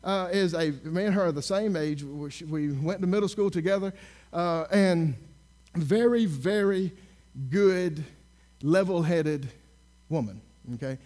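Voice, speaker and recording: A male minister telling a story in a sermon, sarcastic and animated, acting out the people he talks to. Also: high-pitched, measured pace. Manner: sarcastic, animated storyteller who acts out dialogue.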